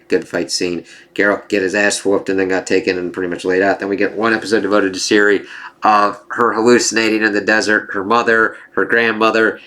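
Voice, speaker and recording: A man's voice: lowish voice, a bit bright. Rambling, profane male show reviewer. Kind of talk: casual spoken review.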